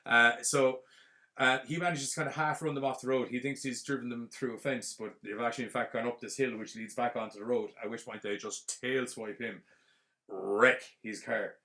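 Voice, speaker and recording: Man, podcast host, casual film recap, rambling and animated, mid-pitched voice. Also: a little fast. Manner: rambling, animated retelling with fillers.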